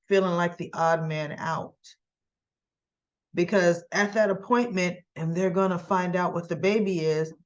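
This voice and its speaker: A woman's voice: fairly low pitch, dull audio. A woman hosting a soap opera recap channel, chattily retelling an episode and acting out the characters' lines. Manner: chatty, acts out lines with tag questions.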